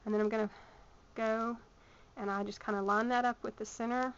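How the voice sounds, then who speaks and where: A woman's voice: medium pitch, little pitch movement, fairly quick, slight background noise. A woman with a Southern US accent, teaching a hands-on sewing tutorial in a chatty way with plenty of ums as she works. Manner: chatty, many ums, talks while working. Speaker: sewing instructor. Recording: muffled lo-fi home video sound.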